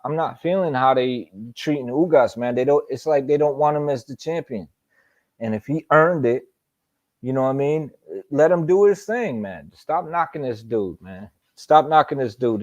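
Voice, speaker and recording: Casual male streamer, loose, slangy and profane, mid-pitched voice, dull lo-fi sound. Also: a little mellow. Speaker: boxing talk show host. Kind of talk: casual live-stream commentary.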